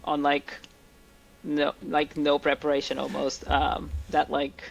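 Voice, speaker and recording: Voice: mid-range voice, a little slow, creaky, rough recording. A podcast guest telling a story in casual chat, full of fillers like "like" and "um.". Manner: many fillers, lively storytelling.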